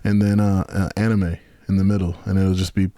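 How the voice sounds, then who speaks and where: A man's voice: deep voice, flat delivery, fairly quick, warm tone, dry recording, studio quality. A man being interviewed on a podcast, talking in a laid-back, slangy way with lots of swearing and fillers. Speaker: podcast guest, beatmaker. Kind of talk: casual chat.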